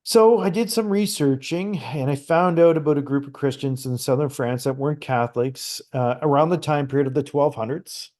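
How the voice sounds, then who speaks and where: A middle-aged man from Canada, a guest on a conversational show, telling a personal story in a lively, animated way with frequent restarts. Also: mid-range voice, normal speed, hardly any pauses. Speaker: guest psychic medium.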